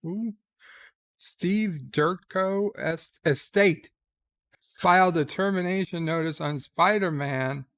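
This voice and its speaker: Slow, gravelly-voiced man hosting a stream. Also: high voice, a bit bright. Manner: slow, halting, with many pauses and fillers; wry and irreverent. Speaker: live stream host reading chat. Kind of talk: casual live-stream chat. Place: lying in a bed.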